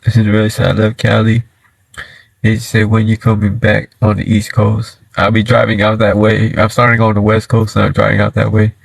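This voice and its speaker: A man's voice: fairly low pitch, monotone, a little fast, vocal fry, dry recording, poor audio. Laid-back slangy man on a livestream. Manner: slangy and laid-back, lots of "you feel me". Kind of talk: casual livestream chat and storytelling. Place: inside his car.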